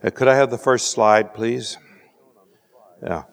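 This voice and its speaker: A man giving a measured scientific lecture with dry wit, often pausing on "uh". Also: mid-range voice, gravelly. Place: lecture hall. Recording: lecture hall reverb.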